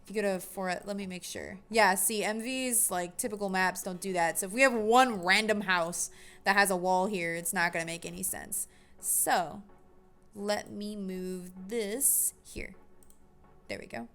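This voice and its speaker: Young female streamer, casual and rambling, mid-range voice, quick bursts of enthusiasm. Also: medium pitch. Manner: chatty, self-correcting, bursts of excitement. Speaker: game dev streamer. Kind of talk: casual livestream commentary.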